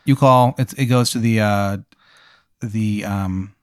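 Male host, deadpan improv narrator, mid pitch, dry. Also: slow, clear, resonant tone, no room sound. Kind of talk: improv storytelling.

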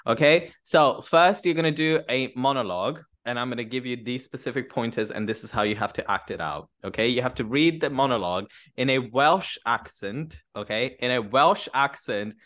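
A man's voice: mid-range voice, normal speed, few pauses, a bit bright. A man hosting a podcast who teasingly gives game instructions and laughs often. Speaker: podcast host. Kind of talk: playful casual interview.

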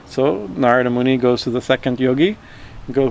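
A man teaching a spiritual class, reading a religious text aloud and breaking off into loose, halting storytelling full of restarts. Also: mid-range voice, gravelly, a little mellow, a little hiss or hum, rough recording.

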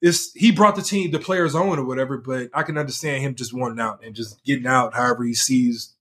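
A man's voice: medium pitch, fairly quick, a bit bright. A man in a casual sports chat, talking loosely and rambling, with many fillers. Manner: loose, rambling, heavy on fillers like "like" and "you know".

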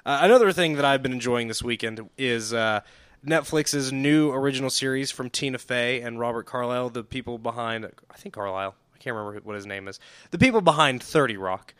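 A man's voice: mid-range voice, brisk, fairly bright tone, clean tone, no room sound. A man co-hosting a podcast, chatting casually and frankly about TV shows and recommending them with enthusiasm. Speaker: podcast co-host. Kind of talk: casual chat reviewing TV and film.

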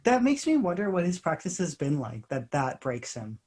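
A woman co-hosting a casual podcast, dry and sympathetic, soft-spoken. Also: low voice, sing-song, normal speed, breathy edge. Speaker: podcast co-host. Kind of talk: casual chat.

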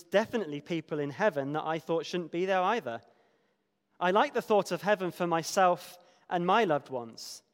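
A male preacher giving a sermon in a church hall. He reads a story aloud with expression, moving between soft, hushed lines and emphatic ones. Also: high-pitched. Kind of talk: sermon with a dramatic reading from a book. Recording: long reverb of a large hall.

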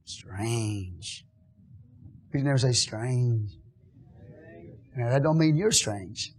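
A man preaching a sermon as pastor, swinging from hushed, conversational asides to loud, shouted declarations. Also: mid-range voice, lively intonation, drawn-out words, a little hiss or hum.

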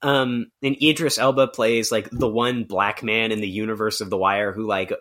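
A man's voice: on the low side, fairly even intonation, moderate pace, a bit bright. A young man co-hosting a podcast, chatting casually with a sarcastic edge, laughing often and mimicking voices. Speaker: podcast co-host. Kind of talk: casual chat.

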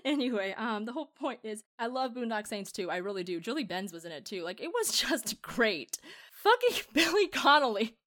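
A woman co-hosting a podcast in casual chat, animated, swearing freely and laughing often. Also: a little high, normal speed. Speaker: podcast co-host.

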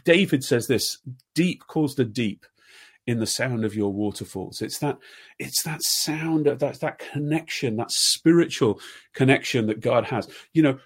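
A man in his fifties preaching a sermon, earnest, asking repeated questions and dropping to soft tones at times. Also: on the high side, breathy edge. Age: 50s. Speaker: pastor.

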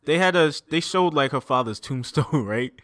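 A man in his thirties, co-hosting a casual podcast, retells a comic story in relaxed slang and acts out the characters' lines. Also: a little high, moderate pace, no echo, studio quality. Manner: laid-back slangy storytelling, acting out lines. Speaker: podcast co-host.

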